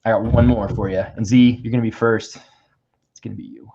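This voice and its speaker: A man's voice: lowish voice, steady tone, brisk, mellow, husky. A man hosting a writers' panel over a video call, asking questions in a jokey, playful way. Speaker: panel host. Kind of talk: casual video call chat. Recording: slightly dull lo-fi call audio.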